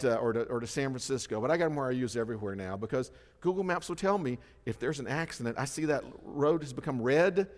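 A middle-aged man preaching a sermon, lively and conversational, acting out the voices he quotes. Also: medium pitch. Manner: animated storytelling, acts out quoted voices. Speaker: pastor. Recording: long hall reverb.

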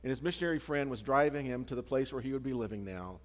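A man's voice: medium pitch, animated, fast talker. A middle-aged man preaching a sermon as pastor, talking in a conversational way with frequent restarts and asides. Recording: long hall reverb.

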